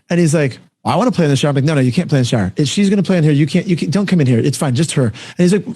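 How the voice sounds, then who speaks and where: A man's voice: on the high side, expressive, darkish tone, no echo, studio quality. A man hosting a casual panel chat on a video call, upbeat and enthusiastic as he tells stories. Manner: fast, upbeat, enthusiastic storyteller. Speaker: podcast host.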